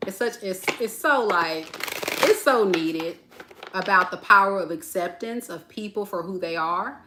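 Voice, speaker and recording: A woman doing a casual tarot reading for viewers, chatty and animated, calling them "y'all.". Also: mid-range voice, measured pace, background noise. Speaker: tarot reader.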